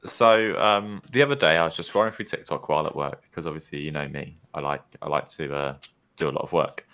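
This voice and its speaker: A man's voice: very deep voice, brisk, a bit bright. A young man co-hosting a podcast, telling a story in casual chat and laughing often. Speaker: podcast co-host.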